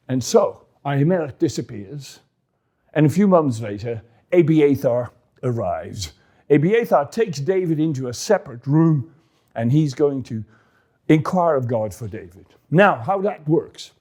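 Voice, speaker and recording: A man narrates an old scripture story in an easy, conversational way. He pauses to explain the background and adds relaxed asides. His voice sits at a middling pitch.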